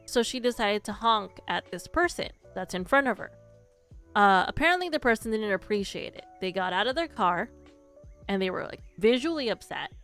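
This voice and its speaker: Giggly young woman streamer, smooth voice. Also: mid-range voice, lively intonation, normal speed, fairly bright tone. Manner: chatty storyteller, giggles often. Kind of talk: casual chat with live chat. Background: faint background music.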